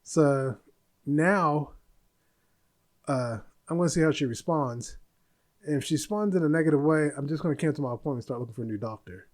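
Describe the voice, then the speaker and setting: A man's voice: fairly high pitch, fairly quick. A man in his forties hosting a podcast, venting bluntly in a casual monologue. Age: 40s. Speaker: podcast host.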